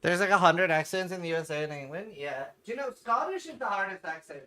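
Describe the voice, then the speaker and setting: A man's voice: high voice, animated, fast talker, bright, forceful tone. A man streaming a game, chatting casually and answering his viewers' messages in a joking way. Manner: chatty, jokey, reads and answers chat aloud. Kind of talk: casual chat with live viewers while gaming.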